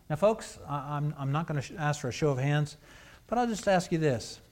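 A pastor delivers a sermon in a high, light male voice. He drops to near-hushed phrases, then rises to emphatic, forceful passages. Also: lively intonation, a little fast. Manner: preaching with swings between hushed and emphatic.

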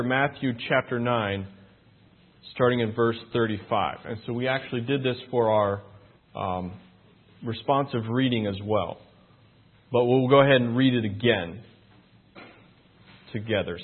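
A man's voice: mid-range voice, breathy edge. A man preaching a sermon, earnest and emphatic, asking his listeners rhetorical questions and reading Scripture aloud. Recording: tinny phone-like sound.

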